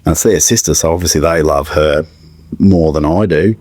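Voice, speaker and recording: A middle-aged man with a halting manner, recounting a painful personal story as a podcast guest. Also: extremely low pitch, a little mellow, no room sound. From Australia. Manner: halting, searching for words, with restarts.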